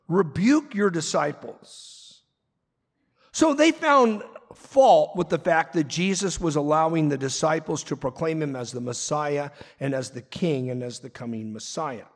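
A man preaching a sermon as pastor, animated and quick with asides and acted-out quotes. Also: fairly high pitch. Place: church sanctuary. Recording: long reverb of a large hall.

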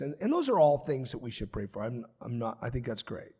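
A man's voice: mid-range voice, huge pitch swings, brisk, hardly any pauses, a little mellow, slightly rough. A man pastor preaching a sermon, earnest and emphatic, repeating his points. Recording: long reverb of a large hall.

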